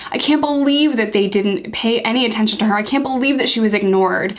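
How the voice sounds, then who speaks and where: A woman's voice: fairly high pitch, fairly quick. A young woman from the United States hosting her own vlog, speaking earnestly and with open outrage, repeating points for emphasis. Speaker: YouTube channel host. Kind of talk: impassioned commentary vlog.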